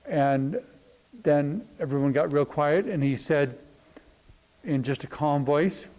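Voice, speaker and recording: A man hosting a reflective talk on spirituality, thinking aloud with many pauses and fillers. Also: fairly high pitch, darkish tone, poor audio. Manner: thoughtful, unhurried, many ums and pauses.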